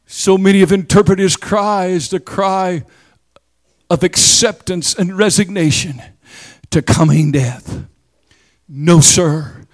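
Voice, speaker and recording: A man preaching a sermon at a church service, fervent and swelling into shouted, chanted cadences. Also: sits high, slow pace.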